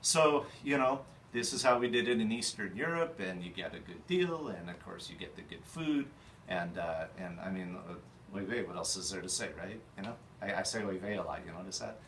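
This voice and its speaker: A man's voice: low voice, expressive, slight background noise. A man putting on a hammy old-world deli chef. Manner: halting, many fillers, loud exclamations. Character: boastful old-world Jewish deli chef, bargain-pushing. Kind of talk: comic ad take.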